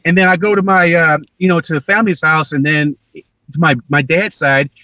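A man's voice: fairly high pitch, normal speed, distant mic, a little hiss or hum. A man telling stories in a casual interview, acting out the voices of the people he quotes. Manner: animated, acts out quoted voices. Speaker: actor guest.

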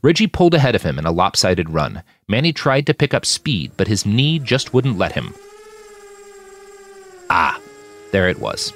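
A man's voice: on the low side, very animated, moderate pace, long pauses, slight background noise. A man narrating his own fiction podcast in a scripted, dramatic storytelling style that builds tension.

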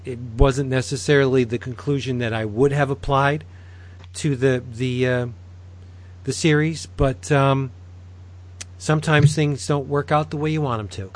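A man's voice: mid-range voice, steady tone. A man co-hosting a casual podcast, chatting about comics and reading a sponsor plug. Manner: chatty, laughs easily, reads plugs briskly. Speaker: podcast co-host. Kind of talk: casual chat and sponsor read.

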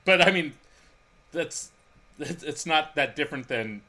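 A man's voice: on the high side, lively intonation, measured pace, bright, forceful tone. A man co-hosting a casual chat, thinking aloud as he talks. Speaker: podcast co-host.

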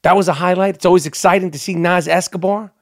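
A man's voice: high-pitched, steady tone, fast, dry recording, clean studio sound. A man hosting a podcast, delivering a heated, profane, unedited rant and repeating himself as he gets worked up. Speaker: podcast host.

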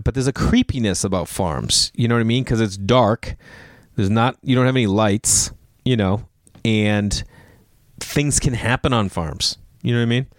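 A man's voice: mid-range voice, no room sound. Man, 30s, casual podcast monologue, rambling and jokey, dry close mic. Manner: rambling, jokey, acts out quotes in a raised voice. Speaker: podcast host.

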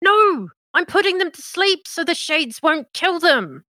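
A woman game master voicing a frightened, defiant young villager who shouts back in indignation. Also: very high-pitched, sing-song, unhurried, pitched above the performer's own voice, heavily acted. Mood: indignant.

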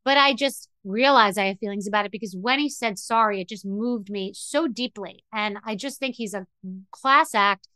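A woman's voice: mid-range voice, moderate pace, bright, forceful tone, no room sound. A middle-aged woman hosting a podcast, telling a story in a candid, emotional, rambling way with many restarts. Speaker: podcast host. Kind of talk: candid monologue.

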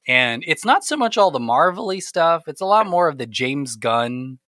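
A man's voice: a little high, sing-song, normal speed, pushed and bright, no echo. A man co-hosting a casual podcast, rambling through stories with frequent laughs and self-deprecating asides. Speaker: podcast co-host.

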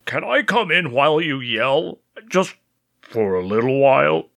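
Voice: mid-range voice, very animated, vocal fry, fairly bright tone, full character voice. An actor voicing a dim, lonely beast-man henchman in a comedy audio play. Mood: pleading. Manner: slow and dopey.

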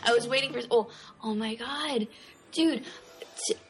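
A woman's voice: fairly high pitch, a little slow, soft background music. A young woman in her twenties, an art student co-hosting a podcast, rambling in casual chat with lots of fillers. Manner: rambling, lots of likes, laughing. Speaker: podcast co-host.

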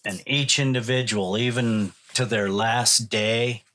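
A man in an interview, speaking in a measured, reflective way about caring for older people. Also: medium pitch, steady tone, pushed and bright, a little hiss or hum. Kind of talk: conversational interview.

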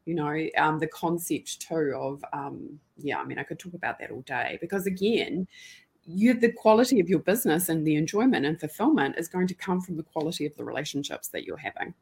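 A woman hosting a podcast, chatting freely in long, run-on bursts. Her voice sits on the low side with a husky edge, and she sounds effusive and eager. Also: lively intonation, a little fast, darkish tone. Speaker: podcast and radio show host. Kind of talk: casual interview chat.

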